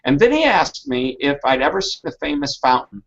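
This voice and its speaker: A man telling a story in a keynote talk, with a fairly high voice. He is animated and acts out the people he quotes. The sound is dull and lo-fi. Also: fairly quick. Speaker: keynote speaker.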